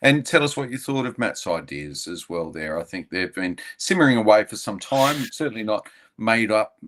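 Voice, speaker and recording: Aussie guy co-hosting a podcast, lowish voice, lots of uhs and restarts. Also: expressive, fairly bright tone. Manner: rambling, many filler pauses and restarts. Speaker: podcast co-host. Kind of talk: casual podcast chat.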